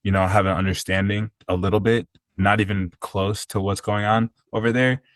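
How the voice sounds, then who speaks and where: A man's voice: on the low side, little pitch movement, moderate pace, no room sound. A man talking casually and earnestly as a podcast guest, rambling with fillers and restarts. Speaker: podcast guest, personal trainer. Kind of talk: casual conversational storytelling.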